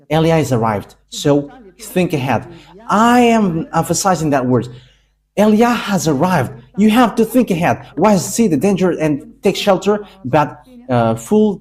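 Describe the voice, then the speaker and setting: Husky man preaching emphatically. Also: a little high, mellow. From Madagascar. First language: Malagasy. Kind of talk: sermon.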